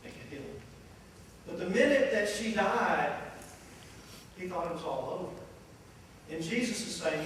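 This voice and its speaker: An animated man preaching with a highly expressive voice that swoops up and down. He sits in a cavernous church hall, picked up from a distance with faint ambience behind. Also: normal speed, slight background noise. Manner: animated, storytelling, acts out voices. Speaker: pastor. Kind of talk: sermon. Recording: echoey hall from far off.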